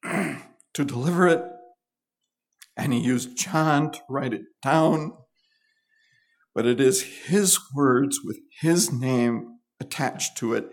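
A man's voice: medium pitch, creaky. A man preaching a sermon, explaining scripture in an earnest, emphatic teaching manner with rising stresses on key words.

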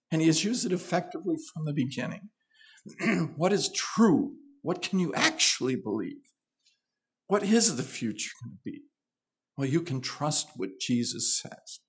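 A man's voice: on the high side, sing-song, unhurried. A man preaching a sermon, explaining scripture in an earnest, emphatic teaching manner with rising stresses on key words.

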